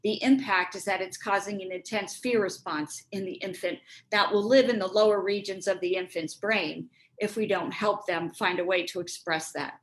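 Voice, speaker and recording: A woman's voice: medium pitch, steady tone, moderate pace, rough recording. A woman giving an earnest, reflective workshop talk, acting out bits of dialogue as she explains, speaking over a video call. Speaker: speaker on resilience and relationships.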